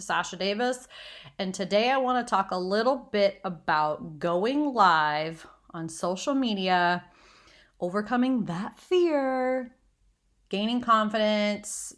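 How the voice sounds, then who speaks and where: A woman in her thirties from Northwest Iowa, in the American Midwest, hosts a solo podcast as a confidence coach. Her mid-range voice has a fairly bright tone, and she talks candidly with casual swearing and self-deprecating humor.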